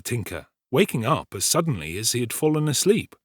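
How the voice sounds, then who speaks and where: A man in his thirties giving an expressive, theatrical audiobook narration. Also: on the low side, brisk, few pauses, dry recording, clean studio sound.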